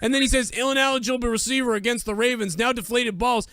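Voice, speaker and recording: A man co-hosting a live stream, ranting angrily and profanely and often yelling. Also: very high-pitched, fairly even intonation, fast talker, few pauses, dry recording. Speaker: livestream co-host.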